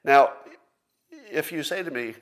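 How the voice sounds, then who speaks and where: A man hosts a podcast in a casual solo monologue, at a middling pitch. He sounds plain-spoken and self-assured, and he argues his point persuasively. He keeps asking the listener rhetorical questions. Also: slow pace, fairly bright tone. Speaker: podcast host.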